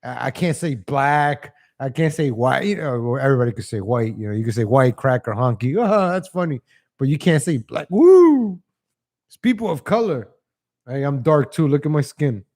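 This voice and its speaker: A man hosting a livestream, giving casual opinion commentary in a rambling way. He chuckles often and calls his viewers ladies and gentlemen. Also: mid-range voice, expressive, moderate pace. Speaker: livestream host.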